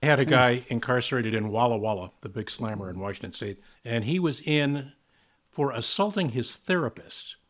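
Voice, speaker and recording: An older man, a TV news correspondent, reflecting on past stories in a relaxed, anecdotal way. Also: medium pitch, normal speed. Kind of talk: casual chat among colleagues.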